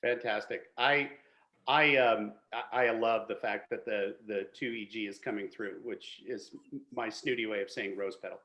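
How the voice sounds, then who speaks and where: A man's voice: lowish voice, steady tone, normal speed, sharp tone, muffled recording. A man hosting a virtual wine tasting as the winemaker, joking and chatty with frequent restarts. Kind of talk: casual hosted chat.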